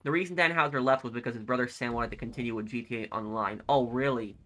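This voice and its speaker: A man's voice: mid-range voice, fast, pushed and bright. A man live-streaming a video game, casually reading viewer comments aloud and answering them in a rambling, friendly way. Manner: rambling, friendly, with frequent restarts.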